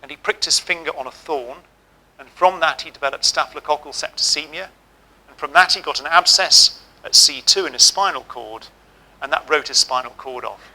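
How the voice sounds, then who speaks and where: A middle-aged man giving a keynote speech, telling lively, humorous stories. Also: fairly high pitch, normal speed, low-quality recording. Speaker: keynote speaker. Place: auditorium.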